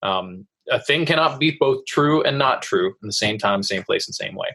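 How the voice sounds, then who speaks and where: A man co-hosting a podcast, talking in a casual, animated way and acting out what others would say. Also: fairly low pitch, normal speed, vocal fry. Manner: animated, acts out quoted voices. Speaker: podcast co-host. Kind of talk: casual chat.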